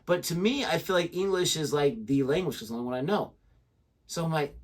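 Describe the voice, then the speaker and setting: A man's voice: fairly high pitch, expressive, fairly quick. A man co-hosting a reaction video, chatting casually in a rambling, self-mocking way. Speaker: co-host of a reaction channel.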